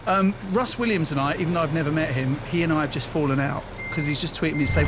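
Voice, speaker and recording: A man hosting a radio show, chatting casually with co-hosts and reading out listener messages with animated, mock-indignant banter. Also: on the high side, quick pace, few pauses, very noisy.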